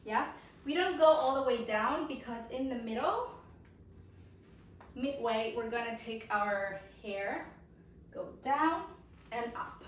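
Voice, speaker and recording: Dance teacher, woman, slow and clear, counting steps, far from the mic in a very echoey room. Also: fairly high pitch, animated, a little hiss or hum. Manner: encouraging, counting beats aloud, checking in with okay and yeah. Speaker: dance instructor. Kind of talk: dance class instruction with counting.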